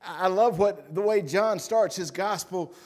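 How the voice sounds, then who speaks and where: A middle-aged man preaching a sermon, telling stories and swinging from loud declarations to hushed asides. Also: sits high, unhurried. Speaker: pastor.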